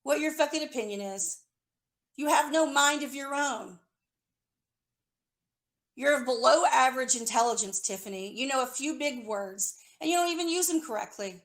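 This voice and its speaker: A woman's voice: high voice, animated, normal speed, fairly bright tone. A woman delivering an accusatory, profane, sarcastic rant straight at someone. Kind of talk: angry confrontational rant.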